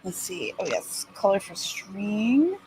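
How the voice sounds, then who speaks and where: A woman's voice: mid-range voice, sing-song, takes it slowly, noisy background. Laughing woman reading comments aloud. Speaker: host. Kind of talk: casual chat.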